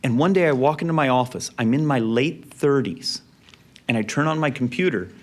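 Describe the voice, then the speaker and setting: Middle-aged guy, normal pitch, storytelling speech, gets soft in the emotional bits. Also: fairly quick. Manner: warm anecdotal storytelling with quiet emotional passages. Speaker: speaker. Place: event venue.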